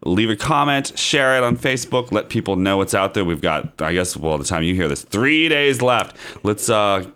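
A man's voice: fairly low pitch, expressive, moderate pace, fairly bright tone, smooth. A man co-hosting a podcast in casual chat, making dry, teasing asides. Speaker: podcast co-host.

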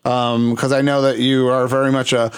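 A man's voice: mid-range voice, little pitch movement, normal speed, clear, resonant tone. A man co-hosting a podcast, playful and campy in a theatrical way. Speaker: podcast co-host. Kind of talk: casual podcast chat.

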